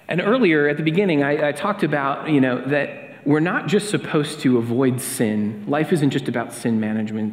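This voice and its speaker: Casual pastor preaching in an echoey hall. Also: male voice, mid-range voice. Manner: casual, chatty, with fillers and restarts. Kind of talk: sermon with a personal story. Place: church sanctuary. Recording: echoey hall with long reverb.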